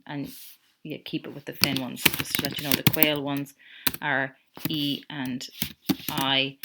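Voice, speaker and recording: A woman's voice: low-pitched, background noise. A woman teacher with an Irish accent, patiently explaining step by step in a recorded lesson and correcting herself as she goes. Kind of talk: recorded screen-share lesson.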